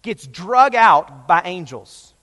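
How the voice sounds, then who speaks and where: Pastor preaching hard, loud then hushed, high voice, echoey church. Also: male voice, lively intonation, slow pace. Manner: passionate, emphatic, swings between loud and hushed. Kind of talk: sermon.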